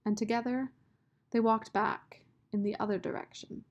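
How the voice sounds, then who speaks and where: A woman narrating a children's novel aloud in a measured storytelling manner. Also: on the high side, fairly even intonation. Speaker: audiobook narrator.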